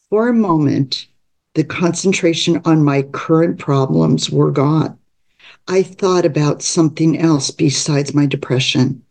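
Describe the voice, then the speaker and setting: A woman in her seventies reading her own personal memoir aloud in a slow, measured way. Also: sits low, warm tone. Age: 70s. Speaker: guest reading her own written story.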